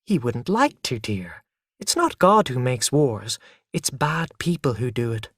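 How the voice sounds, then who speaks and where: A man doing a soft, patient mother. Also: medium pitch, very animated, measured pace, husky, no room sound, clean studio sound. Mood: gentle. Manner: soft, hushed, soothing. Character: patient, gentle young mother. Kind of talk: graded reader story narration.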